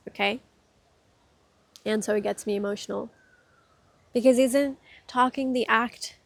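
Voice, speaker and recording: Woman, mid-pitched, dry close sound, soft and halting, reflective spiritual talk outdoors. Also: no room sound. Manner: gets emotional. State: itchy from hay fever. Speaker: spiritual speaker.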